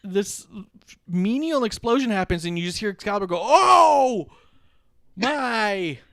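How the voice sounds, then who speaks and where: A man's voice: high-pitched, animated, fairly quick, dry recording, studio quality. A man co-hosting a casual wrestling talk show, ranting with sarcasm and swearing freely. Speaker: podcast co-host.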